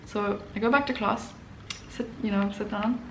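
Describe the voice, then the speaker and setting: A woman hosting her own channel, telling a story in a casual, animated way and acting out quotes. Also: mid-range voice, moderate pace, roomy sound, a little hiss or hum, poor audio. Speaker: artist and channel host.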